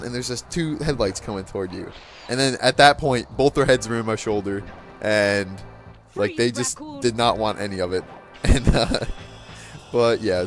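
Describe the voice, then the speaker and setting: Rambling young man, casual anecdote. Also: medium pitch. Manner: rambling, chuckling, lots of fillers. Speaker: gaming channel host. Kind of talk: casual storytelling over gameplay.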